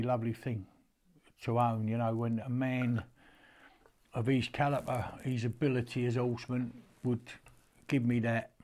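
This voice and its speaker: An older Englishman talks casually and with feeling, in a homely, rambling way. His voice sits at an ordinary middle pitch, and he often stops and starts again mid-sentence. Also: darkish tone. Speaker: horseman showing an antique. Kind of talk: casual storytelling to camera.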